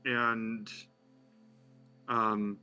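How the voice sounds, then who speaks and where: Male game master, bright voice, relaxed, chatty narration. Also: fairly low pitch, extremely slow, clean tone, faint music behind. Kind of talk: narrating a live-streamed tabletop game.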